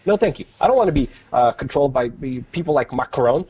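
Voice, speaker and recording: A man's voice: mid-range voice, animated, fast talker, breathy edge. A man hosting a political commentary show, talking casually and indignantly, with lots of fillers. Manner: indignant, rambling with many fillers. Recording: tinny phone-like line.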